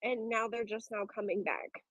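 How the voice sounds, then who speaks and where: A woman's voice: on the high side, fairly even intonation, moderate pace, a bit bright, no room sound, low-quality recording. A woman guest in a casual beauty chat, talking freely about her own makeup habits. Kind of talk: casual chat on a live audio room.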